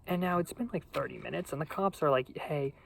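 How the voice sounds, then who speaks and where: A young man telling a rambling, funny story in a casual, deadpan, profane way. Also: on the high side, fast, creaky, a little hiss or hum, poor audio. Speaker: vlogger.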